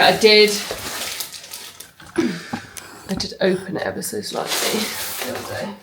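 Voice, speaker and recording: A woman's voice: lowish voice, echoey room, slight background noise, rough recording. Chatty woman unboxing at home. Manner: chatty, swears casually, gushing. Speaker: vlogger. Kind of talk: casual unboxing vlog. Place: home, indoors.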